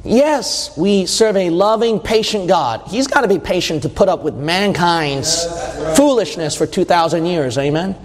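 High-voiced preaching man in reverberant hall. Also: lively intonation, a little slow. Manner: conversational preaching, acts out quotes. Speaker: pastor. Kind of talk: sermon.

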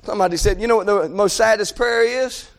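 A man preaching a sermon with fervent delivery, moving between shouted exhortation and hushed scripture reading. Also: high-pitched, fairly quick.

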